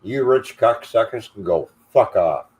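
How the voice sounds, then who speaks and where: An older man with a low-pitched voice rants on a livestream. He swears constantly and sounds defiant and furious, hammering every point home. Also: lively intonation, measured pace, a little mellow. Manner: angry, profane, defiant. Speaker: livestream host. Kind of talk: angry profane rant.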